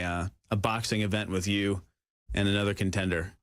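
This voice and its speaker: A man co-hosting a talk show, animated and laughing often, with mocking asides. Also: on the low side, brisk, no room sound, studio quality. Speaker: co-host. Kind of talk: casual political talk.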